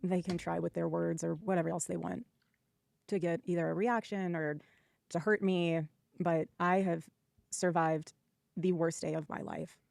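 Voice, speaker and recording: A woman's voice: lowish voice, fairly even intonation, moderate pace, creaky, darkish tone, no room sound, clean studio sound. A woman speaking earnestly and defiantly in a faith-based question-and-answer session. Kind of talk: earnest personal testimony.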